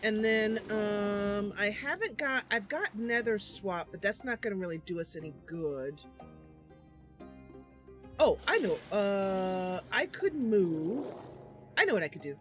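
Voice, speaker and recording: A woman's voice: medium pitch, animated, unhurried, faint music behind. A woman streamer narrating a game roleplay in a giggly, rambling way.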